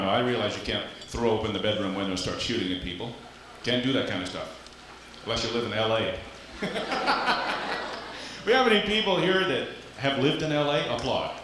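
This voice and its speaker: A man from Louisiana doing live stand-up comedy on a club stage, with a punchy, animated delivery and vocal sound effects. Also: mid-range voice, background noise. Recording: echoey live club recording. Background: audience laughter.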